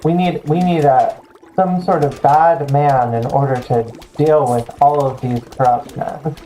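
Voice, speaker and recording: Playful low-voiced woman streamer. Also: steady tone, unhurried, dark tone, rough recording. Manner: playful, jokey banter. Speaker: streamer host. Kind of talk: casual chat on a game stream.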